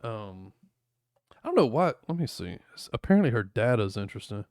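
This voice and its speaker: A man's voice: fairly low pitch, very animated, brisk, a little mellow, no echo, studio quality. A man streaming in a rambling, laid-back chat full of fillers, going over his travel photos. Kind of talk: casual chat.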